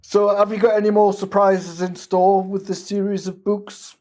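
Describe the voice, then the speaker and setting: A man hosting a podcast, chatting in an easygoing way with quick encouraging interjections. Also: high voice, flat delivery, warm tone. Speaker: podcast host. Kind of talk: casual chat.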